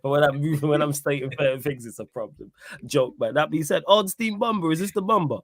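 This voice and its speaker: A man's voice: on the high side, fast talker, no room sound. Wry man hosting, dry sound. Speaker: podcast host. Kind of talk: casual football chat.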